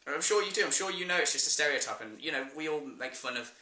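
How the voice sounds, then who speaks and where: An English man ranting to camera in a blunt, sweary, exasperated way. His voice is very bright and a touch high, and the room around him rings with echo. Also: animated, fast. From England. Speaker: vlogger. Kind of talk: ranting vlog.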